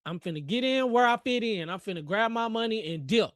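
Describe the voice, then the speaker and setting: A man's voice: high voice, lively intonation, brisk, no echo, clean studio sound. A young man hosting a live trading stream, giving playful, hyped commentary in slang and joking with his chat. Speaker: trading livestream host.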